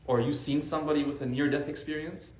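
A man's voice: on the high side, fast talker, echoey room. A man who teaches Arabic, giving a casual religious talk to a faith circle and telling stories with lots of "like" fillers. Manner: animated storytelling with many "like" fillers.

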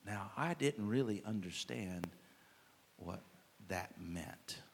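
A man preaching a sermon as pastor, impassioned, swinging between loud and soft, with many "uh" fillers. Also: fairly low pitch, lively intonation, slow, vocal fry, big-room sound, slight background noise.

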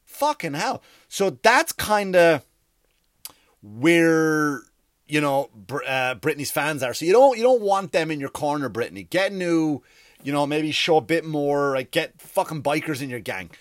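Male comic host, sarcastic rambling rant, slightly high voice, dry close sound. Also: animated, measured pace, no room sound. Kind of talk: comedic rant.

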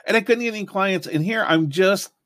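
A man's voice: high-pitched, a little fast, fairly bright tone, no room sound, studio quality. A middle-aged man, a hypnotist, telling a long personal story in a casual, rambling way with many fillers and restarts. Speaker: hypnotist and podcast host.

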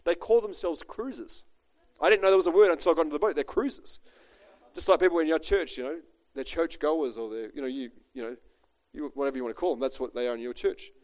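A man's voice: a little high, fast talker, a little mellow. A middle-aged man, a pastor preaching a chatty, joking sermon built on a personal story.

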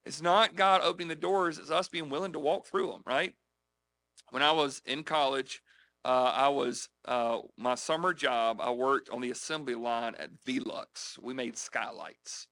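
A man's voice: medium pitch, steady tone, unhurried, sharp tone. A man from South Carolina, preaching in a chatty style, telling personal stories and checking in with the audience. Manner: chatty, frequent "right? okay?" check-ins with listeners. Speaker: preacher teaching on evangelism. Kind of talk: conversational sermon with personal stories.

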